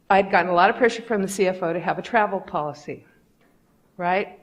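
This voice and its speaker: A woman's voice: lowish voice, moderate pace, pauses often. A middle-aged woman giving a candid storytelling talk to an audience, acting out the voices she quotes. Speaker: conference speaker.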